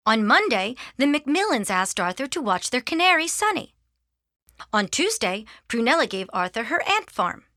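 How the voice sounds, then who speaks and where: A woman reading a children's storybook aloud in an expressive, sing-song manner. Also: fairly high pitch, no room sound, studio quality. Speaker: audiobook reader. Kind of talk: storybook narration.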